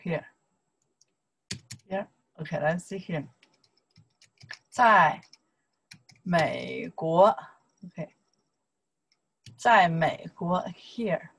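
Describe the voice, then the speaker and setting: A woman from China teaching a Mandarin lesson, drilling words slowly in a chatty manner, with a Chinese accent in her English. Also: fairly low pitch, gravelly, husky, poor audio. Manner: slow, repetitive drilling with broken English asides.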